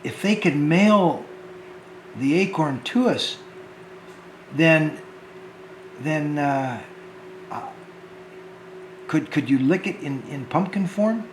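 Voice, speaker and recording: A man hosting a children's show, speaking gently and hesitantly with many fillers. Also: on the high side, lively intonation, takes it slowly, pauses often, slight background noise. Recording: echoey room.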